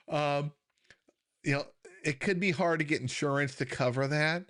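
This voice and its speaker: A man's voice: fairly high pitch, normal speed, fairly bright tone. A middle-aged man from the United States hosts a casual live stream, speaking earnestly and plainly. He talks in a loose, everyday way, often restarting his sentences, and sounds like he is holding back emotion. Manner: earnest, conversational, with frequent fillers and restarts. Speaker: kidney health coach hosting a live Q&A.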